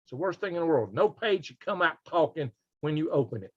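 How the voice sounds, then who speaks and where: A man hosting a casual news commentary livestream, reading and answering chat, animated and repeating himself. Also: on the high side, fairly quick. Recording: slightly dull lo-fi audio.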